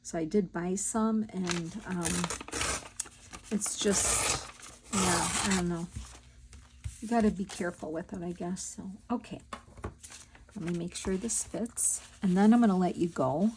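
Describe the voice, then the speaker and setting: A woman's voice: fairly low pitch, measured pace, long pauses, noisy background. A woman hosting a crafting video, chatting casually and telling stories while she works. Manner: chatty, storytelling, thinks aloud while working. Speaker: crafting channel host.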